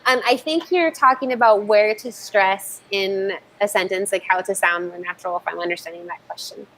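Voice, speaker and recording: A woman's voice: medium pitch, moderate pace, a bit bright, a little hiss or hum, low-quality recording. A woman giving an informal online talk as an English communication coach, chatting loosely and often checking in with "right?". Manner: thinks aloud with frequent fillers and restarts.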